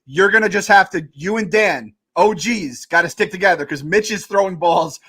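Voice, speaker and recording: High-voiced guy cracking jokes on a podcast, rambles, swears. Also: moderate pace, bright, forceful tone, slightly rough. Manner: joking, rambling, profane. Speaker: podcast co-host. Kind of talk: casual sports chat. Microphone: remote call.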